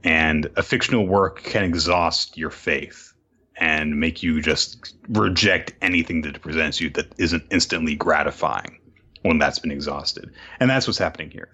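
A man on a casual podcast, giving reflective, measured critique of a story and its pacing. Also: low voice, pushed and bright, breathy edge, highs cut off. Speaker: podcast co-host.

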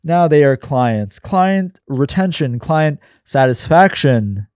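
A man's voice: a little high, lively intonation, slow pace, darkish tone, dry recording, clean studio sound. A man voicing a weary, candid woman professor as he reads a screenplay aloud. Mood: resigned.

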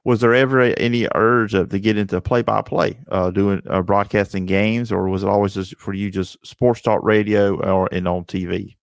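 A man hosting an interview podcast, asking questions in a halting way with many fillers. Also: fairly low pitch, fairly even intonation, creaky, no room sound, clean studio sound. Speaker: podcast host.

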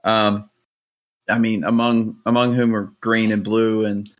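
A man's voice: fairly low pitch, flat delivery, measured pace, lo-fi sound. A man hosting a casual podcast, telling stories in a rambling way with restarts and fillers. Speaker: podcast host.

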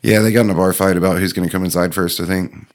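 Very deep-voiced laid-back male co-host. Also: fairly even intonation, fast talker. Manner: laid-back storytelling, laughs often. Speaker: podcast co-host. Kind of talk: casual chat.

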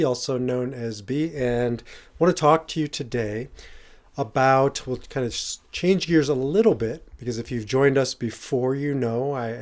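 A man's voice: medium pitch, darkish tone. A middle-aged man hosting a reflective podcast. He talks in a loose, conversational way, with fillers and restarts, and presses hard on key words. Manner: conversational, with fillers and self-corrections. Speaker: podcast host.

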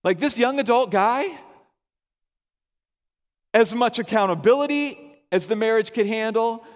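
A man's voice: very high voice, unhurried, long reverb tail. A man preaching a sermon, telling a story and acting out the people in it in quoted voices. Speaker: pastor.

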